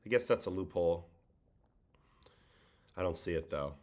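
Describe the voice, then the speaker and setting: A tired-sounding former pitcher from Brooklyn, with a faint New York-Boston accent and a deep voice at normal speed, hosts a casual livestream, relaxed and conversational as he reads viewer questions aloud and answers them.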